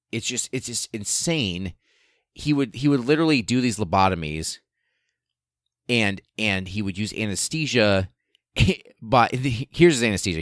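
A man's voice: sits low, no room sound, clean studio sound. A man hosting a podcast, telling a story in a casual, comedic way with lots of swearing. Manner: profane, animated, comedic. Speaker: podcast host.

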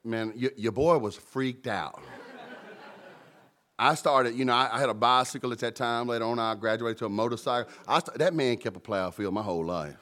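Preacher guy, jokey, voice leaps way up then drops low. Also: normal speed. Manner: animated, humorous storytelling with sudden pitch jumps. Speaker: pastor. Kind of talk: sermon.

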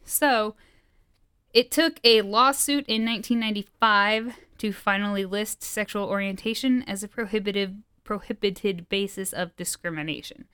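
Woman podcast co-host, breathless, rambly with fillers, smooth low-ish voice, dry close sound. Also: moderate pace, a bit bright, no echo. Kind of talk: casual podcast chat.

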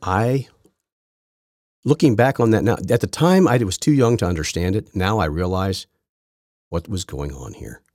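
A man's voice: low voice, expressive, moderate pace, long pauses, darkish tone, no echo, clean studio sound. A man hosting a political podcast, talking in a rambling, sarcastic way with many restarts. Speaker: podcast host. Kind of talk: casual political commentary.

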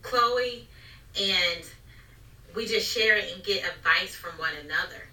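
A woman's voice: medium pitch, a little slow, bright, forceful tone. A woman, a mother, chatting animatedly about raising her daughter and acting out what she says. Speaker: mother sharing parenting stories. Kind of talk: casual family chat. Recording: echoey room, mic at a distance.

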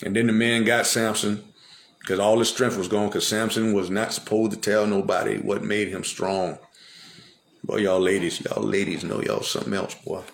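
A male preacher retelling Bible stories in lively everyday speech and slang during a sermon. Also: on the low side, moderate pace, gravelly, roomy sound. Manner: animated, retells scripture in everyday vernacular. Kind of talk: sermon storytelling.

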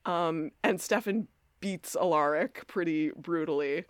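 Podcast co-host, woman, lower register, dry studio-close mic, animated episode recap. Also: measured pace, no echo. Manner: lively storytelling with quoted lines. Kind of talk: casual TV recap chat.

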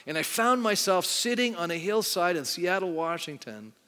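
Faint music and a long hall reverb surround a middle-aged male pastor preaching in a church sanctuary. His high voice is bright and forceful, with lively intonation at a moderate pace, and he talks conversationally, often questioning the congregation during a sermon with an altar call.

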